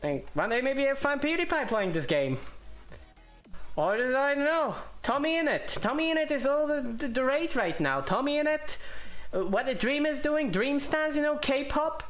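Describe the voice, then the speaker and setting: A man with a non-native English accent chats loosely while he plays, joking and cursing at the game. His pitch jumps around a great deal as he talks. Faint music plays behind him. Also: moderate pace. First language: not English. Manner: rambling, jokey, swears at the game, lively swings in pitch. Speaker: gamer streamer. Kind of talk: casual gameplay commentary.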